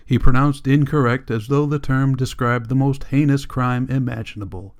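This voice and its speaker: Male audiobook narrator, steady and measured, mid-range voice. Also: medium pitch. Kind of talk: scripted narration.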